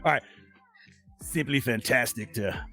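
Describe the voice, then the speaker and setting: A man's voice: mid-range voice, measured pace, creaky, sharp tone, faint music behind. A man hosting a casual film review podcast. He swears freely, giggles often and keeps losing his place. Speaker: podcast host.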